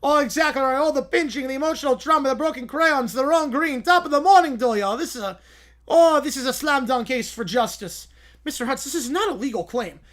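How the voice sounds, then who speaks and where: A man's voice: extremely high pitch, brisk, fairly bright tone, voice pushed up. A man voicing a whiny, complaining man with a put-on, mock Irish brogue while reading a story aloud. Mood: whiny, indignant. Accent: fake Irish.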